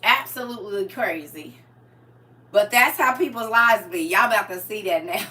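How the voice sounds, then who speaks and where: Lively woman preaching casual, bright tone, sounds kinda far from the mic. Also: mid-range voice, moderate pace. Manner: animated, laughing, acts out little scenes.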